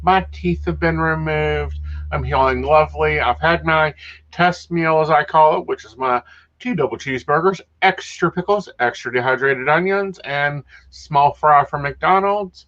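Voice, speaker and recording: A man's voice: fairly high pitch, a little slow, fairly bright tone. A man co-hosting a podcast in casual chat, wry and chatty as he tells his stories. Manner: chatty, wry, recounting with dry humor. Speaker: podcast co-host. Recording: dull lo-fi sound.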